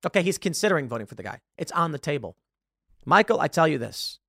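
Animated, argumentative male commentator. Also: on the high side, fast, creaky, dry recording, clean studio sound. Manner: emphatic, argumentative, self-correcting. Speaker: host. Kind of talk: political commentary monologue.

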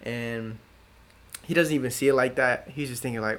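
A young man co-hosting a podcast, chatting casually in relaxed slang and acting out the people in his stories. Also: moderate pace, a little hiss or hum. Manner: laid-back slang, acts out his dad in a higher voice. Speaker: podcast co-host. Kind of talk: casual chat.

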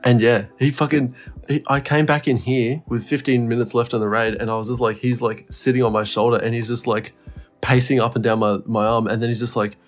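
A man's voice: mid-range voice, little pitch movement, fairly quick, faint music behind. A man co-hosting a podcast, telling a story in a rambling, laughing way with a lot of swearing. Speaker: podcast co-host. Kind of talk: casual storytelling chat.

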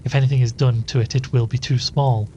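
A man's voice: medium pitch, steady tone, brisk, warm tone, lo-fi sound, slight background noise, close to an everyday voice. A man voicing a stern, suspicious woman, an elder sister, in a read-aloud story, with a stiff, admonishing manner.

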